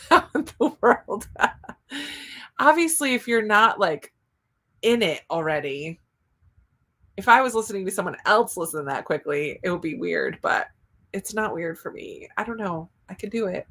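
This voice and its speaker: Woman, Southern US accent, livestream host, casual chat, unhurried delivery, giggly, exclamatory. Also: mid-range voice, expressive, a bit bright. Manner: giggly, chatty, with frequent exclamations. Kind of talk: casual livestream chat, reading out viewer comments.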